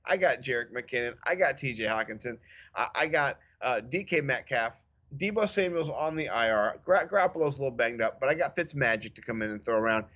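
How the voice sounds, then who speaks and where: A man in his thirties co-hosting a casual podcast, telling stories in an animated, self-mocking way. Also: mid-range voice, a little fast, lo-fi sound. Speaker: podcast co-host. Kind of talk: casual chat.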